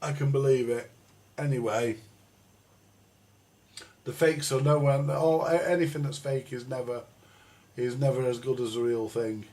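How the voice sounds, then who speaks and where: A man's voice: mid-range voice, fairly even intonation, measured pace, pauses often, warm tone. A middle-aged man, ranting and rambling bluntly on a live stream, full of swearing. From England. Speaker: livestream host. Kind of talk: casual ranting chat. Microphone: live stream microphone.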